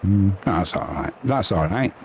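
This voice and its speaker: A man doing chatty live football commentary, reading out viewer messages and yelping with excitement at goals. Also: a little slow, slight background noise. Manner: chatty and excitable, bursting into high yelps at goals.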